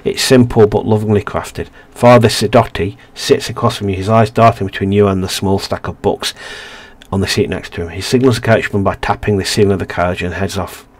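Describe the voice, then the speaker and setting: A man's voice: fairly low pitch, steady tone, fairly quick. A man hosting a let's play, reading a narrative game's story aloud with frequent stumbles and restarts.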